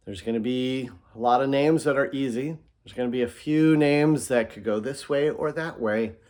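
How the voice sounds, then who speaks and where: A man talks slowly and deliberately, walking listeners through a lesson. He draws out example words to sound them out, with a calm, middle-aged voice at an ordinary pitch. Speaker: teacher. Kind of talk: instructional explanation.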